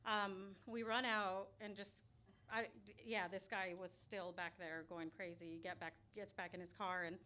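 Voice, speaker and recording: An Albuquerque, New Mexico woman tells a true personal story live on stage at a small restaurant, with an audience present. Her medium-pitched voice moves at an unhurried pace, lively and full of laughter, breaking into loud acted outbursts. The live room carries faint background noise.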